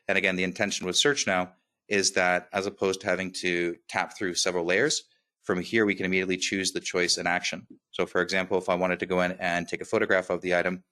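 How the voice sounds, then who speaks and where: Fast-talking low-voiced man with slight lisp. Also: bright, forceful tone. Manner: upbeat, quick, with filler "right?" checks. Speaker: software demo presenter. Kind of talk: webinar product walkthrough.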